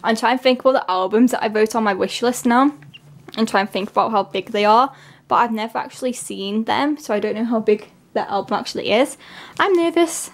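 A woman talking casually in a vlog, gushing and excitable, with lots of filler words. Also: fairly high pitch, fairly quick. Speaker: vlogger.

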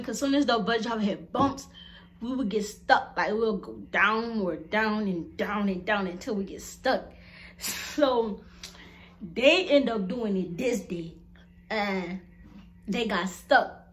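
A young woman vlogger chatting casually to her viewers, animated and blunt, laughing often as she tells stories. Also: a little high.

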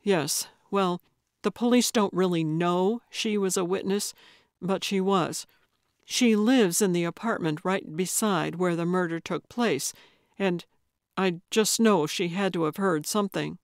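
Lady reading an earnest unsure young guy, plain voice, unhurried. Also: lowish voice, dry recording, studio quality. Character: young man, earnest awkward paramedic. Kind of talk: audiobook character voice.

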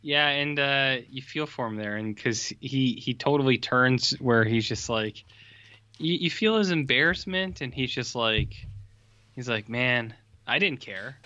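A man's voice: medium pitch, measured pace, sharp tone, no echo, lo-fi sound. A man co-hosting a film podcast, laid-back and casual, chiming in with agreement and questions. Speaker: podcast co-host. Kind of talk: casual film review chat.

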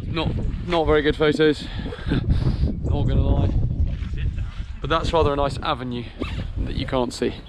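A man's voice: mid-range voice, steady tone, moderate pace, noisy background. A young man from England vlogging a long all-night charity walk outdoors, tired and self-mocking, chatting into a handheld camera. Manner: tired, self-mocking, laughing between remarks. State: weary from walking all night. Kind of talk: casual walking vlog. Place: outdoors on a coastal route.

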